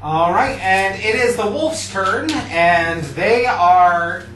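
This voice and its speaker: A game master narrating a tabletop game in an unhurried, descriptive way. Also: medium pitch, expressive, fairly bright tone, roomy sound, soft background music. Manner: unhurried, descriptive, with fillers like "kind of".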